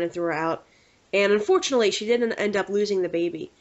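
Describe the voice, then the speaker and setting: A woman hosting a podcast, telling rambling, animated stories in casual chat. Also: on the low side. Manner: animated, rambling, quick to slip into quoted voices. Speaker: podcast host. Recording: dull lo-fi podcast audio.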